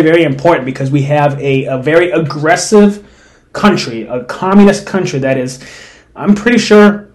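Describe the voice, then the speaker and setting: A man hosting an opinion podcast, talking bluntly and sarcastically with open indignation. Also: on the high side. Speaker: podcast host. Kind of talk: opinion commentary.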